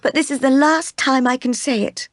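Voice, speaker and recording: A woman's voice: high voice, moderate pace, no room sound, voice pushed up, natural voice. Brief: earnest resolute young governess, read by a woman, dry close sound. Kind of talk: audiobook reading.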